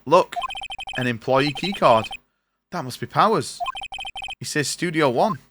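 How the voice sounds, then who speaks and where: A man's voice: a little high, expressive, a little slow, music in the background. Chatty man reading game text. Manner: chatty, reads on-screen text in his own voice. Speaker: streamer. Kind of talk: live game playthrough, reading dialogue aloud.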